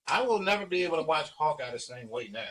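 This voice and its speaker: A man's voice: fairly high pitch, animated, quick pace, fairly bright tone, low-quality recording. A man with a Philadelphia accent co-hosting a podcast, wry and understated. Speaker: podcast co-host. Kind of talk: casual chat.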